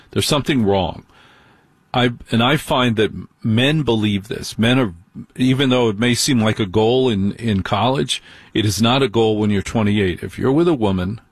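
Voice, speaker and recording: A man's voice: on the low side, slightly rough, no echo. A man hosting a radio talk show, giving opinionated advice and playing out little dialogues as he talks. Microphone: studio microphone.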